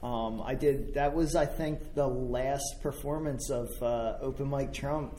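A man's voice: mid-range voice, fairly even intonation, measured pace, warm tone, rough recording. Comedian man, casual profane ranting, light background hiss. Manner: profane, meandering storytelling. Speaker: stand-up comedian. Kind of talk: casual chat.

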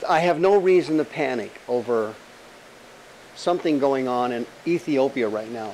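A male pastor preaching an animated, emphatic sermon full of rhetorical questions and jokes. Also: medium pitch, moderate pace, slight background noise, rough recording.

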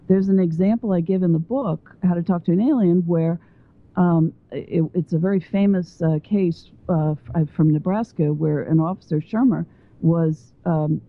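A woman with a lowish voice talks at length over a tinny phone line. She rambles and digresses from one point to the next. She speaks as a guest author on the call. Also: no room sound. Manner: talkative and digressive. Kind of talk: phone interview.

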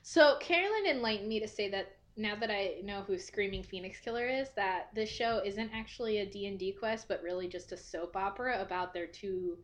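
A woman co-hosting a casual chat, talking in a chatty, animated way with fillers. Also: mid-range voice, fairly quick, hardly any pauses. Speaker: podcast co-host.

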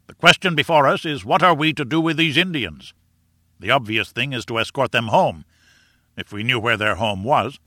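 A man's voice: medium pitch, bright, forceful tone, no echo, studio quality. A man voicing a pompous, self-important elderly professor in an audiobook, declaiming grandly.

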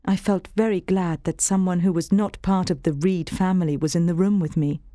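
A woman's voice: on the low side, steady tone, fairly quick, warm tone, no room sound, studio quality. Woman reading a storybook aloud. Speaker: narrator. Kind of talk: scripted storybook narration.

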